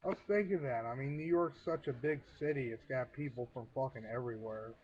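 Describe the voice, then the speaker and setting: A man's voice: mid-range voice, fairly quick, a little mellow, slightly rough, highs cut off. A man chatting casually, swearing freely. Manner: casual, profane. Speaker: chat participant. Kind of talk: casual group chat.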